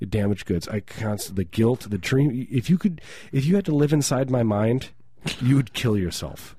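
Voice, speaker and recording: A man co-hosting a radio show in casual banter, deadpan and sarcastic, rambling from one thought to the next. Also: medium pitch, moderate pace, husky, no echo, clean studio sound.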